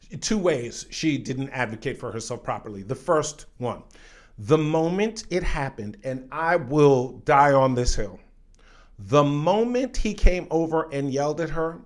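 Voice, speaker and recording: Emphatic male acting coach, fairly high voice. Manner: emphatic, talks straight to viewers and breaks off to read aloud from an article. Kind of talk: online acting lesson.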